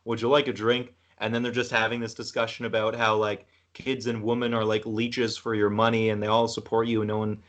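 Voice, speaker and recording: A man's voice: fairly low pitch, monotone, a little fast, few pauses, fairly bright tone, lo-fi sound. A man from Canada hosting a podcast, rambling through a film retelling in casual chat. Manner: rambling, retells film scenes with acted quotes. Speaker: podcast host.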